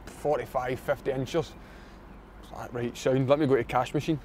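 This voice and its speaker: A man's voice: mid-range voice, moderate pace, slight background noise. A Scottish man telling a long funny story in casual chat, acting out what people said. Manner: animated anecdote teller, lots of quoted dialogue.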